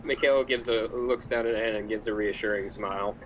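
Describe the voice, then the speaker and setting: A man playing a tabletop game, describing his character's actions in a hesitant, halting way. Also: lowish voice, fairly even intonation, highs cut off, a little hiss or hum. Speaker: player.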